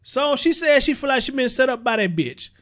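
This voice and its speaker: A man's voice: very high-pitched, big pitch swings, fairly quick, fairly bright tone. A man hosting a casual livestream, chatting straight to his viewers and greeting them by name. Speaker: livestream host.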